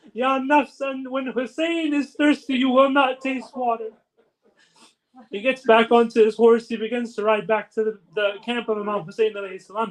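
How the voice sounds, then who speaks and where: A man's voice: extremely high pitch, low-quality recording. A male preacher narrating a sacred story in a solemn, emotional sermon.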